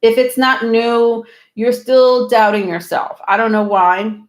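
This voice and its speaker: A woman's voice: fairly high pitch, unhurried. A woman hosting a live tarot stream, talking to viewers in a rambling, reassuring way with many ums. She sounds a little out of breath. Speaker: tarot reader hosting a livestream. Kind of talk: live tarot reading, casual chat to viewers.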